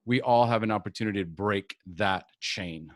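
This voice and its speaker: A man's voice: fairly low pitch, moderate pace, dry recording, clean studio sound. A middle-aged man leading a live group recovery coaching session, talking earnestly and repeating key phrases for emphasis.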